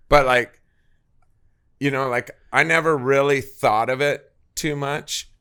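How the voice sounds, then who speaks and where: A man's voice: medium pitch, animated, slow, pauses often, pushed and bright, clean tone. A man co-hosting a podcast, chatting in a laid-back way, laughing often and swearing casually. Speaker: podcast co-host. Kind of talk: casual chat.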